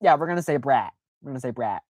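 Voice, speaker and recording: Low-voiced woman rambling casually. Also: expressive, fast, darkish tone, no echo. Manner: rambling, filler-heavy, self-deprecating; acts out quoted reactions in playful voices. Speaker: streamer. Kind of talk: casual livestream chat.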